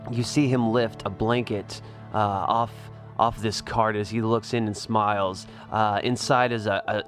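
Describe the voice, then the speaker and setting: A man narrating a tabletop game as game master, with frequent ums and uhs. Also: on the low side. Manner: descriptive, many ums and uhs.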